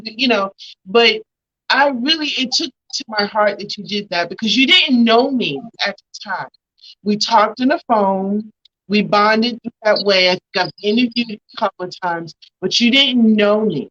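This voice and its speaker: A woman's voice: a little high, a little slow, a bit bright, muffled recording. A woman hosting a talk show, speaking at length and with feeling as she thanks her guest. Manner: emotional, grateful, talks at length. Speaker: host.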